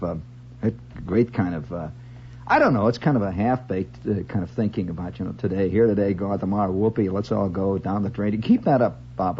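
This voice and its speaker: A man's voice: fairly low pitch, slight background noise. A man hosting a radio monologue, reciting verse wryly and rambling into stories with comic asides. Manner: rambling storyteller who slips into comic voices. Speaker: radio host. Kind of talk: late-night radio monologue. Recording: lo-fi 1970s radio broadcast with guitar behind.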